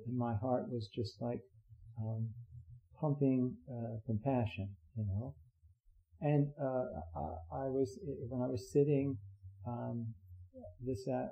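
An older man giving an earnest dharma talk as a Zen teacher, halting with many fillers and restarts. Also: mid-range voice. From United States. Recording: dull lo-fi recording.

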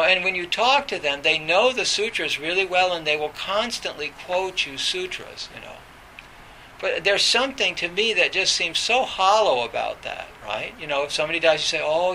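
High bright-voiced man giving a Zen talk. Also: a little hiss or hum, rough recording. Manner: rambling, many fillers and restarts. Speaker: Zen teacher. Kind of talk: dharma talk.

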